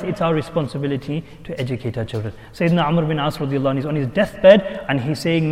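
A man's voice: fairly high pitch, expressive, fast talker, darkish tone. Man preaching with rhetorical questions, echoing hall. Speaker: imam. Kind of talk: sermon.

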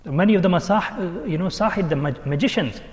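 A man's voice: sits high, brisk, long reverb tail. A man teaching as a religious speaker, telling stories animatedly and acting out the people he quotes, with frequent restarts. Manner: animated storyteller who acts out quoted speech, with frequent restarts. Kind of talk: storytelling sermon.

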